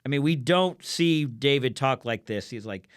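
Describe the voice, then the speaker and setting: A man co-hosting a casual Bible study podcast, reading scripture and acting out the characters in quick, animated voices. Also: mid-range voice, smooth.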